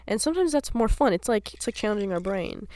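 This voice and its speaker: A woman's voice: mid-range voice, animated, quick pace, darkish tone, no room sound. A woman co-hosting a podcast in casual chat, giggly and full of fillers. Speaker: podcast co-host. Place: cabin.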